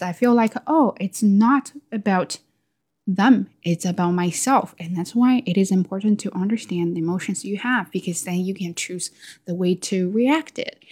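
A woman talking through her thoughts in a candid, self-questioning casual monologue. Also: medium pitch. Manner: candid, self-questioning, with lively quoted asides. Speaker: vlogger.

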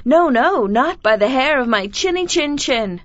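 A woman voicing the third little pig from a storybook, a clever young male pig in a raised, bright voice. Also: high voice, lively intonation, measured pace, no room sound, dull audio. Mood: defiant.

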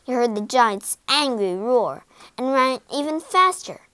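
A woman reads a children's story aloud in a high, animated voice. She takes her time, giving each line a dramatic lift. The recording is dry and close. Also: a little slow, smooth, dry recording. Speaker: narrator. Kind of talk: storybook narration.

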